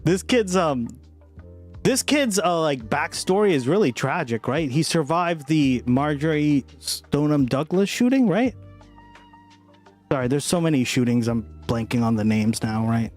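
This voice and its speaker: A man's voice: fairly high pitch, expressive, a little slow, darkish tone, faint music behind. A man hosting a casual livestream, rambling and swearing freely as he comments, often breaking into laughter. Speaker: livestream host.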